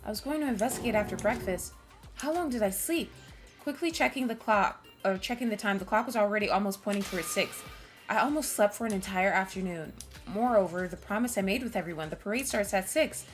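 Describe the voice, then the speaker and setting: A woman's voice: mid-range voice, brisk, faint music behind. A woman streamer reading a visual novel aloud, cutting in with blunt, swearing asides.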